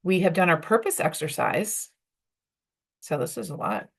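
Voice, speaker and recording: Running a workshop for professional women, this woman chats casually, dropping in fillers and performing snippets of dialogue. Her voice sits on the low side with big pitch swings, a moderate pace, and a creaky, husky texture.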